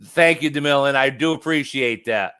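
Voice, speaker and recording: A man's voice: medium pitch, normal speed, sharp tone, clear, resonant tone. A man hosting a casual livestream, rambling and joking as he answers viewer comments. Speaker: livestream host.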